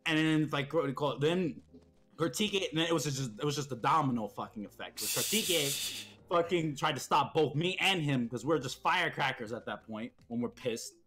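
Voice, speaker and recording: A young man spins rowdy stories in an animated, profane way, breaking into heated bursts. His voice sits a little on the high side. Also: moderate pace. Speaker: streamer's friend telling stories. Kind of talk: casual storytelling chat.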